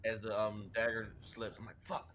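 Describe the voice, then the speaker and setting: A man speaking at a middle pitch plays his character in a tabletop game, feeling his way through each move with frequent fillers. The recording is dull and lo-fi, with a faint noise underneath. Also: animated, a little fast, fairly bright tone. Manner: hesitant, many fillers. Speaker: player. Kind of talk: casual tabletop game play.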